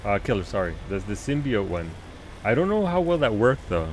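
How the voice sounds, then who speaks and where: This man livestreams a video game, reacting excitedly to the action and answering chat while cursing and laughing a lot. He talks fairly fast in a fairly low voice, and the recording carries a faint hiss or hum.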